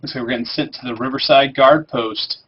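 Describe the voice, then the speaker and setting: A man's voice: mid-range voice, steady tone, fairly quick, lo-fi sound, slight background noise. A man hosting a game livestream, chatting casually and joking while he plays and reads quest text aloud. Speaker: livestream host playing a game. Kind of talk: casual chat over gameplay.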